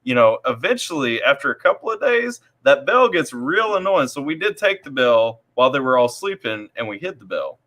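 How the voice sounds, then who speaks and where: A man with a bright, forceful voice spins a loose army anecdote in a casual chat. He circles back and repeats words as he talks, in an easygoing storytelling manner. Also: mid-range voice, sing-song, moderate pace, hardly any pauses, poor audio. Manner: rambling, repeats words while telling a story. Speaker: army veteran guest telling stories.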